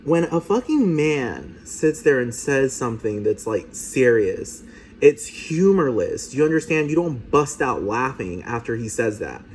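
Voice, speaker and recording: A man's voice: medium pitch, big pitch swings, unhurried, darkish tone, slight background noise. A man giving profane, mocking commentary over video clips.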